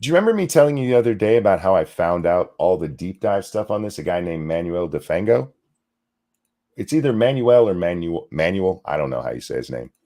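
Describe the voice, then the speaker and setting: Profane ranting man with a lively voice. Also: low-pitched. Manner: profane, indignant, fast bursts. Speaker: commentary show host. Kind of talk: ranting commentary.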